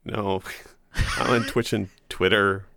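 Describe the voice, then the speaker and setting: A man's voice: fairly low pitch, fairly even intonation, slow pace, gravelly, bright, forceful tone, no room sound, studio quality. A man guesting on a casual podcast, laughing and joking about himself. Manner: laughing, self-mocking. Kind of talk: casual chat.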